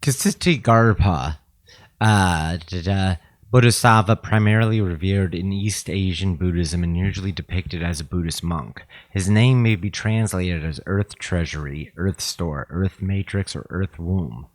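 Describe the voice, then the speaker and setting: A man with a very low voice talks quietly on a podcast, musing and thinking aloud. His speech is soft and drifting, in a laid-back chat. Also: measured pace, no room sound. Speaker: podcast co-host. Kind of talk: casual chat.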